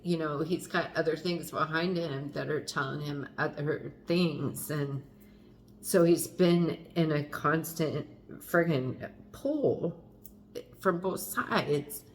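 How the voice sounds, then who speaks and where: A woman's voice: sits low, slow pace, slight background noise. A middle-aged woman speaking candidly to the camera as a mother, frank and confessional, with wry asides and the odd mild curse. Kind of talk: candid personal vlog.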